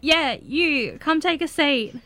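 A woman's voice: high-pitched, expressive, slow, exaggerated voice. A woman playing a brash, boozy friend. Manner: pushy, flirty, loud. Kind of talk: comedy audio drama.

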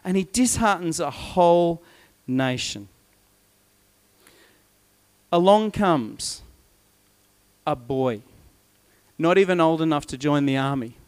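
Animated man preaching a sermon. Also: fairly high pitch, slow pace, pauses often, clear, resonant tone. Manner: animated storyteller acting out voices.

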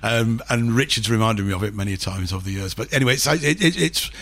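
A man's voice: on the low side, quick pace, a bit bright, no echo. A man as a podcast guest, telling rambling pub anecdotes in casual chat, full of restarts and fillers.

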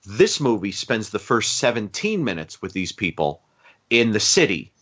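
A man's voice: fairly low pitch, moderate pace, husky. Rambling man on a dull, lo-fi mic. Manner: rambling, lots of restarts and fillers, animated retellings. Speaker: podcast co-host. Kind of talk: casual chat reviewing a TV movie.

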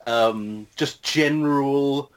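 A man's voice: medium pitch, extremely slow, clear, resonant tone. A man in a casual film discussion, giving hesitant, short remarks with fillers.

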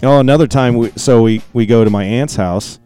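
A man's voice: mid-range voice, a little fast, dark tone, clear, resonant tone, soft background music. A man co-hosting a casual chat, telling rambling self-deprecating family stories.

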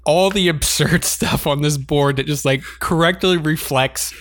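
A man's voice: a little high, measured pace, fairly bright tone, no echo, clean studio sound. A man co-hosting a casual chat, animatedly recapping an anime episode and laughing often as he reads out scenes. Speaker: podcast co-host.

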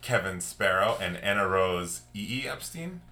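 Low-voiced male podcast host, roomy sound. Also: very animated, normal speed, bright, forceful tone, distant mic. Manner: loose, filler-heavy, friendly. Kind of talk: casual podcast chat. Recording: roomy echo.

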